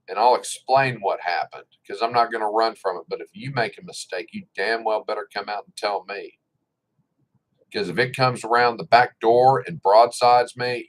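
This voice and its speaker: A man's voice: fairly low pitch, poor audio. A middle-aged man giving a casual opinion monologue, blunt and indignant, with sarcasm and swearing. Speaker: political commentator.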